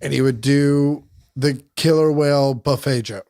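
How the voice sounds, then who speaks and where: A man comedian telling quick, enthusiastic anecdotes in a podcast chat. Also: medium pitch, fairly even intonation, a little mellow.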